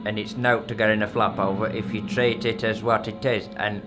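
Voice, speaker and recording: A man's voice: on the low side, level tone, a little fast, natural voice. An actor playing a blunt older local man, warning of a woodland monster in a folk horror audio drama. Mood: ranting. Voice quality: blunt, grumbling, dialect-heavy. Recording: music bed behind.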